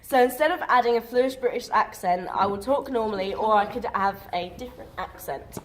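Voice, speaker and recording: A woman's voice: fairly high pitch, brisk, slight background noise. A woman drama student talking casually in a group discussion, chatty and full of fillers.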